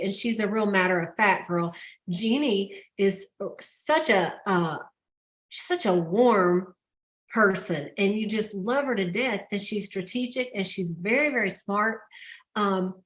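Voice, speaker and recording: A woman's voice: mid-range voice, fairly bright tone. A woman hosting a sales team call, telling stories in a chatty way and laughing often. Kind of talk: casual pep talk.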